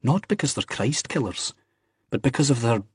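A man's voice: mid-range voice, animated, moderate pace, husky, dry recording, clean studio sound, pitched above the performer's own voice. A man voicing a blunt, teasing young man with a Scottish accent.

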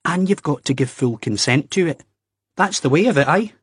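A man's voice: a little high, lively intonation, slightly rough, dry recording, studio quality, voice pushed up. A man doing a nervous young Scotsman. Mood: earnest reasoning. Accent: Scottish. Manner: hesitant, halting, drawn-out reasoning. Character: anxious young Scottish man, earnest, fumbling.

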